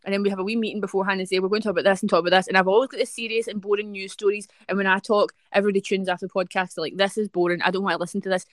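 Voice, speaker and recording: A woman's voice: medium pitch, fairly even intonation, rapid-fire, hardly any pauses, no echo. A young Scottish woman co-hosting a podcast, telling blunt, profanity-laden stories in casual chat. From Scotland. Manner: sweary, blunt storyteller. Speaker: podcast co-host.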